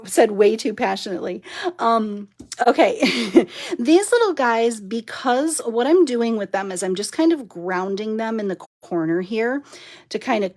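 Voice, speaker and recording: Medium in pitch and darkish in tone, a woman's voice carries her live-stream crafting chat as she works on paper. Giggly and talkative, she tells viewers she's overtired and punchy.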